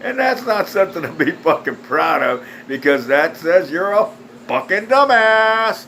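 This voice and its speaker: A man's voice: on the high side, bright, forceful tone, a little hiss or hum, poor audio. A man delivering a blunt, foul-mouthed, scornful rant straight to camera. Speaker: video ranter. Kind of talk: angry profane rant.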